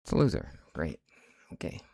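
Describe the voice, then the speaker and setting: A man's voice: normal speed, darkish tone, no room sound. A man streaming his day trading live, talking to himself, muttering and swearing under his breath in frustration.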